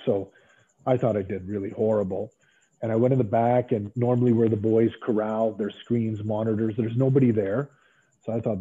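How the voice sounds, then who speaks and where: Husky-voiced man, ex-wrestler guest, rambling anecdotes, phone-quality audio. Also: on the low side, moderate pace. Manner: rambling, animated, many fillers and restarts. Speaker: former pro wrestler as guest. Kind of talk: casual storytelling. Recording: tinny phone-like line.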